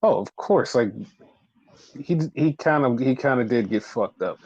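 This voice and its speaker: Profane, animated podcast man. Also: medium pitch, measured pace, dull audio. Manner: profane, animated retelling with put-on quotes. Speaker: podcast co-host. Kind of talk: casual wrestling recap chat.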